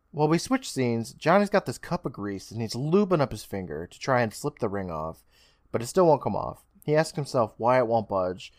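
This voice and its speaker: A man co-hosting a podcast, casually retelling an episode's plot with swearing and quick acted-out lines. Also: medium pitch, no echo, studio quality. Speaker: podcast co-host recapping an episode. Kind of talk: casual recap chat.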